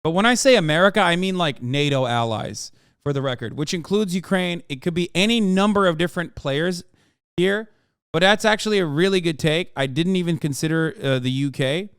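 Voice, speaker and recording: A man's voice: a little high, a little fast, a bit bright, smooth, dry recording, clean studio sound. A man livestreaming, giving blunt, profane political commentary and arguing points with his chat.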